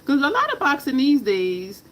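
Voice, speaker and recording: A woman's voice: high-pitched, huge pitch swings, moderate pace, dull audio, a little hiss or hum. A woman chatting casually while she does her makeup, rambling from story to story, laughing and cursing freely. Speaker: makeup vlogger.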